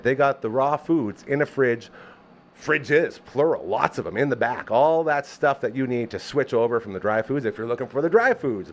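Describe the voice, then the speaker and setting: An upbeat man hosting a live show from a small studio, his voice swinging widely in pitch. He reads a sponsor spot with playful asides and jokes. He sounds like an animated, enthusiastic pitchman. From Canada. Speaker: host. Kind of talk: live show ad read and chat.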